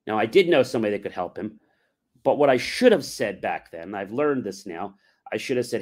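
A man's voice: fairly low pitch, expressive, normal speed. A man hosting a livestream, telling a rambling personal story and acting out the other people's lines with many fillers and restarts. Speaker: livestream host.

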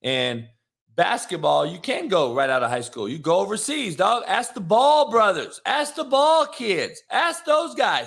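Loud swearing sports host guy, bright voice that jumps all over. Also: sits high, measured pace, creaky. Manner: brash, swearing, animated. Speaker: sports talk show host. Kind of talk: profane sports commentary.

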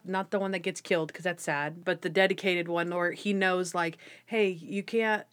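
A woman's voice: lowish voice, moderate pace. A young adult woman co-hosting a casual podcast, recapping an episode with lots of laughter and acted-out quotes. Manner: animated, laughing, acts out quotes in varied voices. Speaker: podcast co-host.

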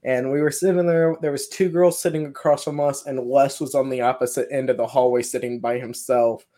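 A man's voice: mid-range voice, steady tone, fairly quick, mellow. A man, a guest paranormal investigator, telling his stories in a loose, rambling way with plenty of fillers. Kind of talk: casual storytelling.

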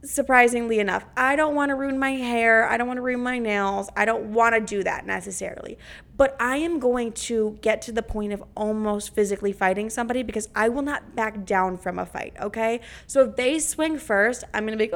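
A woman's voice: on the high side, brisk, fairly bright tone. A young woman hosting a podcast, talking in a brash, profane, dramatic way. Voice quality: creaky. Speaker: podcast host. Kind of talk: casual podcast monologue.

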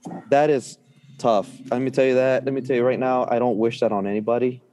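A man's voice: medium pitch, flat delivery, a little fast, warm tone, a little hiss or hum. A middle-aged man telling a story in a casual chat, full of fillers and restarts, often laughing. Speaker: guest.

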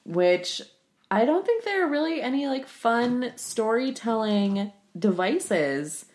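A woman's voice: fairly high pitch, very animated, takes it slowly, darkish tone. A woman co-hosting a casual podcast with wry, teasing banter. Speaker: podcast co-host. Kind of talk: casual chat.

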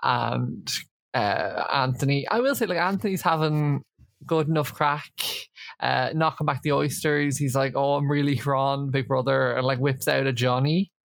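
A man's voice: medium pitch, a little slow, creaky, a bit bright, dry recording. A man co-hosting a podcast, chatting casually and jokily as he recaps a reality show, with lots of fillers. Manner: chatty, jokey, many fillers. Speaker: podcast co-host.

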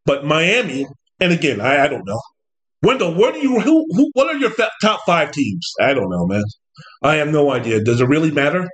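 A man with a fairly high voice hosts a loose sports talk show. He rambles and stays animated, with mocking asides and quick impressions of coaches. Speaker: podcast host. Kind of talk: casual sports talk monologue.

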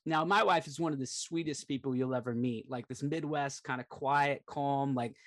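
A man's voice: medium pitch, normal speed. A middle-aged man, a performance coach and speaker, earnestly retelling a personal setback as a podcast guest, peppering his talk with "like". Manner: earnest, animated retelling, frequent "like" fillers. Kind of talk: personal storytelling.

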